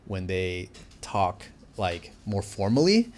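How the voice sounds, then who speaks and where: A man from the United States speaks as an interview guest in a fairly low voice. He talks in an animated, chatty way, often padding his sentences with fillers. The tone is casual and conversational. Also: slow.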